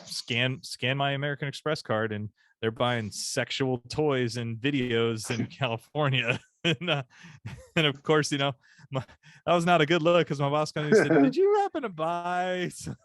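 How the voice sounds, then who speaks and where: Excitable guy on a podcast, repeats himself a lot, laughs mid-sentence, super dry mic. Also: medium pitch, moderate pace, no echo. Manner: excitable, repeats words, laughs while talking. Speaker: podcast co-host. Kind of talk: casual chat.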